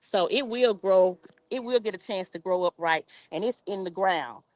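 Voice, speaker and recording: Her mid-range voice keeps a moderate pace, with no room sound in the audio. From her backyard, she hosts a chatty gardening live stream filmed on a tripod-mounted phone, reading out viewers' comments and using informal "y'all" speech.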